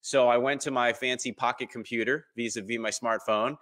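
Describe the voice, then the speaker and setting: A man in his thirties talks as a guest in a relaxed interview. His voice is bright and forward, and he jumps into other people's voices whenever he quotes them. His storytelling is lively and full of ums. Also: medium pitch, brisk. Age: 30s. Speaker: podcast guest.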